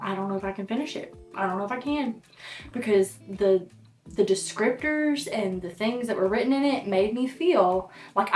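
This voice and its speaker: A young woman giving a casual, exasperated book review, chatty and laughing often. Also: medium pitch. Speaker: book vlogger. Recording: echoey room.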